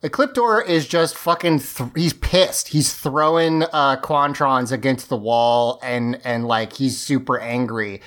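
A man on a podcast talks through a TV episode in a loose, amused ramble, full of restarts and asides. His voice sits at an ordinary middle pitch, and his tone is relaxed and conversational. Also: a little slow, few pauses. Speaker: podcast co-host. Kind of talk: casual episode recap chat.

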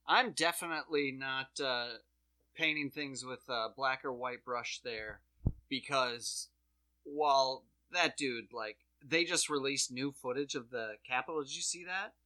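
A podcast co-host tells a long story in loose, profane chat, jumping into quick voices for the people in it. The voice is bright and forward, with a tense edge. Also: mid-range voice. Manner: swearing storyteller who acts out quotes. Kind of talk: casual chat.

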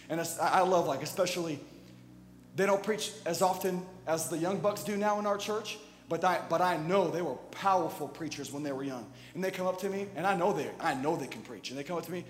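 Brief: male preacher, chatty sermon with faint music underneath, quiet confiding asides that build into big emphatic punches. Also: high voice, a little fast. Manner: conversational, swinging from quiet asides to loud emphatic bursts. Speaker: pastor. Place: church sanctuary. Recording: long church reverb with faint music.

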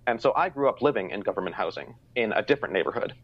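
A man's voice: lowish voice, expressive, rapid-fire, breathy edge. A young man from Canada telling a personal story in a casual conversation, reflective, with many ums. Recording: dry, slightly dull sound.

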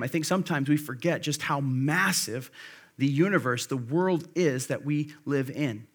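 Man preaching a casual, conversational sermon. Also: fairly high pitch. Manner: conversational preaching with many fillers and restarts; drops to a slow, quiet emphasis on key phrases. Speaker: pastor.

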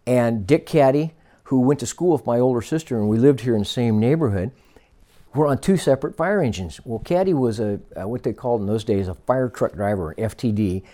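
Speaking with a mellow, medium-pitched voice, this retired fire captain in his sixties from Northern California recounts stories in an oral history interview. He acts out the quoted words of other people as he goes.

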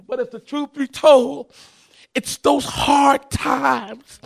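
A man preaching a sermon in a chanting, repetitive cadence, often rising into shouts and sing-song. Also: very high voice, steady tone, slow pace, creaky. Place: church.

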